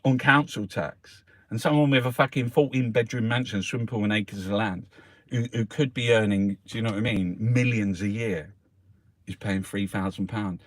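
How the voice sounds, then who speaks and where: A man's voice: lowish voice, steady tone, moderate pace, no echo. A middle-aged man, ranting in angry, heavily sworn commentary as he reviews the newspapers. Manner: angry, sweary, heated rant.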